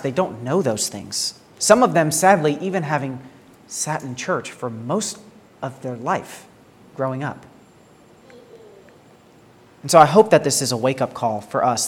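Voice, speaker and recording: A man delivering a sermon in a middle-pitched voice, earnest and direct. He poses rhetorical questions to the congregation and sometimes repeats words as he begins a thought. His voice carries a long, ringing reverb from a large church space. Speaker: pastor.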